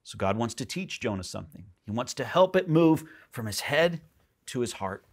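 A male pastor preaches in church at a normal speed, full of animation. For emphasis his voice jumps up high, then falls back to a soft level.

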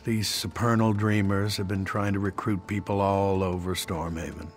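A man's voice: deep voice, little pitch movement, moderate pace, soft background music, natural voice. An actor playing a matter-of-fact male army captain in a video game, speaking in a plainspoken briefing tone.

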